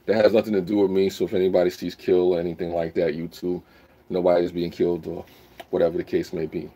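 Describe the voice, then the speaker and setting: A man hosting a casual live stream, rambling while he reads the chat aloud and bursts into loud whoops. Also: low voice, little pitch movement, quick pace.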